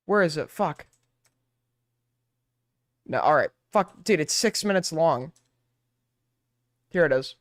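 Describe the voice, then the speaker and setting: A male streamer rants on, incredulous and swearing freely, hammering each point twice. His voice comes through smooth and resonant, dry and close to the mic, with no room around it. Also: a little high, expressive, slow, long pauses, no echo. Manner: profane, incredulous, repeats himself. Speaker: streamer host. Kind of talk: ranting commentary.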